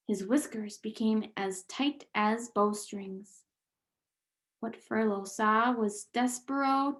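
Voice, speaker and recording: A woman reads a storybook aloud in a fairly high voice. Her narration is slow and deliberate, with expressive rises for the story's moments. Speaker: reader.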